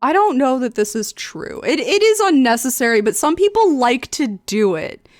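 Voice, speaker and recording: A young woman streamer chatting casually as she reads and reacts to forum posts, full of ums and likes and quick laughs. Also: high-pitched, big pitch swings, dry recording, clean studio sound, faint music behind. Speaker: streamer and host.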